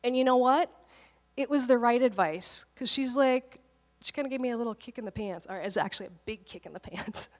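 Chatty woman pastor with a high voice. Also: fairly quick, in a large hall. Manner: chatty storytelling, laughs often. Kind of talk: conversational sermon.

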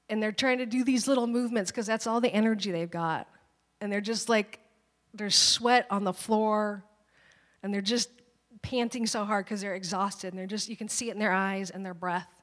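A woman in her thirties preaching a sermon, telling personal stories in a conversational, animated way and acting out quoted voices. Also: mid-range voice. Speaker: pastor. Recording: long reverb of a church hall.

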